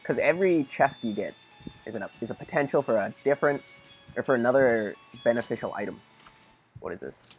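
A man's voice: mid-range voice, expressive, a little fast, soft background music. A young man casually rambling through gameplay commentary, tired and easygoing, now and then talking to his dog. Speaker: let's play commentator.

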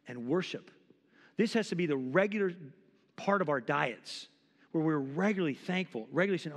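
Preaching in a church sanctuary, this forties-aged pastor has a voice that sits high, trailed by long reverb. He's passionate and conversational, acting out the quotes he cites.

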